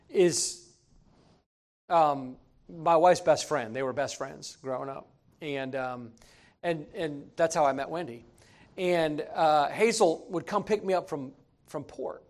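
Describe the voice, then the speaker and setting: Male pastor, high voice, animated folksy storyteller from the pulpit. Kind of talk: sermon.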